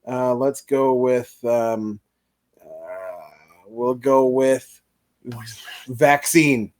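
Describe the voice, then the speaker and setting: A man's voice: medium pitch, drawn-out words. A man co-hosting a casual podcast chat, rambling with lots of filler words. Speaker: podcast co-host.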